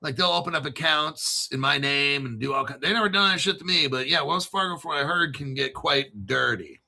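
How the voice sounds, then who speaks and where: A man hosting a casual online talk show, talking in a profane, animated way. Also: fairly high pitch, a little fast, gravelly. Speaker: crypto channel host. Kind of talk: casual livestream chat.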